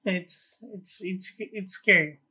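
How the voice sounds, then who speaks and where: A co-host on a casual film podcast with a bright, forceful tone. The talk is halting and repetitive, with frequent restarts and easy laughter between thoughts. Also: mid-range voice, slightly rough. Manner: halting, repeats words, laughs easily.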